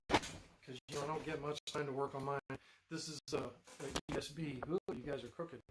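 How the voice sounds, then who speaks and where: A man with a slightly high voice hosts a live stream over background noise, rambling casually as he shows off his builds. He often uses fillers and restarts his sentences.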